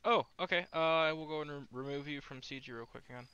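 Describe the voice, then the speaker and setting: A man's voice: fairly high pitch, fast, sharp tone, smooth, muffled recording. A man joking crudely and teasing friends in casual gaming voice chat. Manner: joking, profane, laughs often. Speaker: gamer on voice chat.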